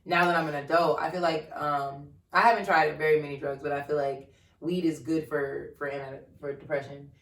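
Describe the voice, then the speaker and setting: A woman's voice: deep voice, fairly quick. A woman co-hosting a podcast, chatting casually and acting out voices as she tells her stories. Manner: animated storytelling with acted-out voices. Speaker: podcast co-host. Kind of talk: casual chat. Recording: echoey room, far from the mic.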